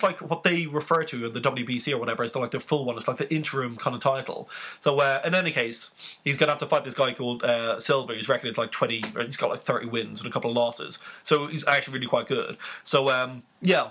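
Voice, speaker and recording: A man chats about boxing as co-host, rambling and loose with lots of fillers. His voice is bright and husky, at an ordinary pitch for a man. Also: fast. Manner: rambling, filler-heavy, chatty. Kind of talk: casual sports chat.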